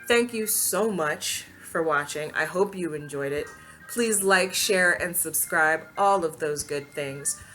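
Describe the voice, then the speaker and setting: Speaking slowly in a fairly low voice over soft background music, a woman vlogger recounts a personal story to camera on her channel. She keeps it casual and lively, laughing often and performing other people's lines.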